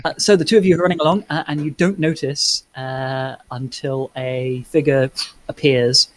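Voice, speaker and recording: A man narrating a tabletop game as game master, in a halting, descriptive way. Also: mid-range voice, fairly even intonation, poor audio.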